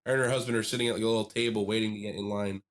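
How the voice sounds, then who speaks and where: A man co-hosting a podcast, telling a long story in casual chat with lively animation, often laughing and mimicking the people he quotes. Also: on the low side, racing. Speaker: podcast co-host.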